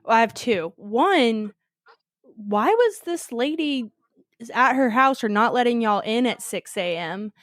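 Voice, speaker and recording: A woman's voice: on the high side, lively intonation, unhurried, no room sound, clean studio sound. A woman hosting an interview and asking long, curious questions. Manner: curious, asks questions at length. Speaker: podcast host.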